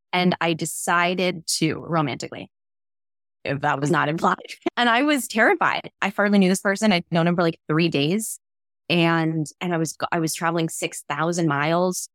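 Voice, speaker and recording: Earnest young woman, lowish voice. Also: brisk, fairly bright tone, no room sound. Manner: earnest, emotional storytelling. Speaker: podcast co-host. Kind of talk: casual chat.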